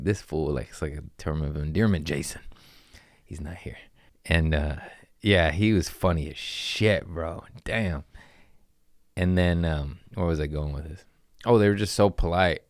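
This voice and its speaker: A man's voice: sits low, dry recording, studio quality. A man, a comedian, telling rambling self-mocking stories into a podcast mic, slangy and acting out quotes. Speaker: comedian host. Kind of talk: casual storytelling.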